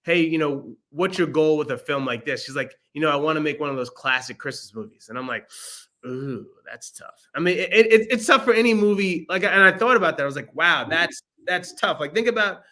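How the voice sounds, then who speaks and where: Young male podcast co-host, bright tone, animated jokey delivery, laughs a lot. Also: a little high, fast, hardly any pauses. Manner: animated, joking, laughs often. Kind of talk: casual movie review chat.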